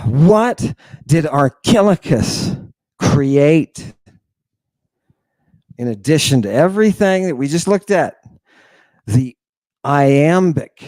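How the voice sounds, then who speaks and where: A man's voice: on the high side, expressive, slow pace, pauses often, darkish tone, dry recording. A man hosting and giving a theatrical lecture to his audience. He stresses and repeats key words and keeps firing rhetorical questions. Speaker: lecturer and host.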